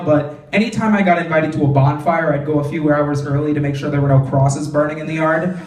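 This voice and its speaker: A young man tells stand-up jokes in a loose, chatty way, dropping in lots of "like" before each punchline. His voice sits a bit high. It echoes around the club and sounds a little distant from the mic. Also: normal speed, a little mellow. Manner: conversational, frequent "like" fillers, punchy punchlines. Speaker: stand-up comedian. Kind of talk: stand-up comedy set. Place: comedy club stage.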